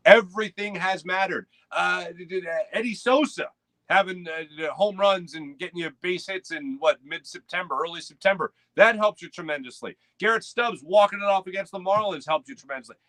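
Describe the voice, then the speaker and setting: Philly sports host, male, bright slightly high voice, loose and rambling, dry close home-studio mic. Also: moderate pace, no echo. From United States. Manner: rambling, chatty, reads out chat names. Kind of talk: casual live morning sports show.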